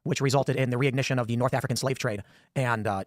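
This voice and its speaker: A man fires off pointed questions at an extremely fast pace in an even, mid-pitched voice. He sounds probing and relentless in debate, recorded dry. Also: no room sound. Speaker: debate opponent in a played clip.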